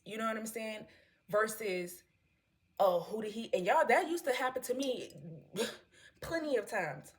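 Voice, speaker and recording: A woman's voice: on the high side, measured pace. A woman, casually telling her followers a story and often asking "you know what I'm saying". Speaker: vlogger telling a story to viewers.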